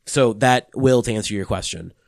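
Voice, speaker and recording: A young man with a somewhat low voice talks loosely on a podcast, stringing thoughts together with constant "like"s and casual swearing. The recording is dry and close, with no room sound. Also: moderate pace, gravelly, dry recording. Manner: rambling, lots of "like", swears freely. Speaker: podcast co-host. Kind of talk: casual chat.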